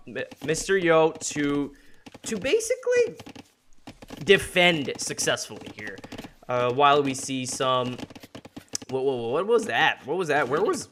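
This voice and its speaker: A man's voice: a little high, pushed and bright, a little hiss or hum. Jokey, rambling male game streamer. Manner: rambling, jokey, laughs often. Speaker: streamer casting a tournament. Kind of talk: casual live game commentary. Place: home.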